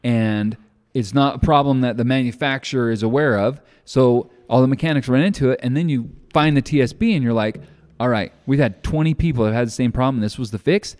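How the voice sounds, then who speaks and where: A man's voice: medium pitch, a little fast, darkish tone. A man co-hosting a podcast, telling a story in a loose, rambling way full of fillers and restarts. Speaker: podcast co-host. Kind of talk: casual chat. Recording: long hall reverb.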